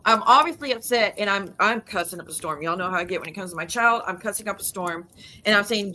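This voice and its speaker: A woman's voice: medium pitch, fast talker, sharp tone, rough recording. A woman YouTuber ranting in a casual vlog, heated and blunt, swearing freely and repeating her denials with emphasis. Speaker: YouTuber and live streamer.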